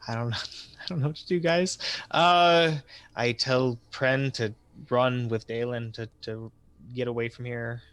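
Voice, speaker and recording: A man playing a tabletop game, speaking haltingly for his character. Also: mid-range voice, steady tone, fairly bright tone, clear, resonant tone, no room sound. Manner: hesitant, halting in-character speech. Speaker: player.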